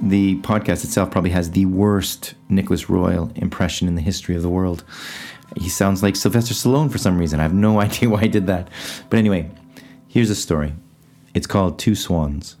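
A man hosting a podcast, chatting casually and self-mockingly, then reading his own short story aloud. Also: deep voice. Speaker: podcast host.

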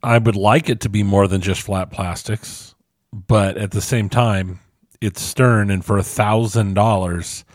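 A man's voice: fairly low pitch, fairly even intonation, unhurried, no room sound. A man co-hosting a casual podcast, chatting and reading a listener's review aloud with dry, self-deprecating asides. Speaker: podcast co-host.

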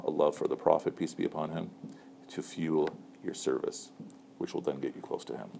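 Man talking casually to students, lowish voice. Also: vocal fry, dark tone. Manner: conversational, frequent "right?" and "okay?" asides. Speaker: Muslim chaplain speaking to student leaders. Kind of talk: casual advice talk with Q&A. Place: room with a student group.

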